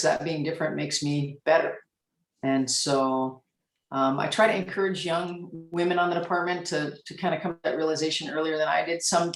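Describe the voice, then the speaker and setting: A woman's voice: low voice, recorded from a distance. Reflective woman in an echoey room. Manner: candid, reflective, with frequent "um" pauses. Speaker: panelist, police officer. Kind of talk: panel discussion storytelling.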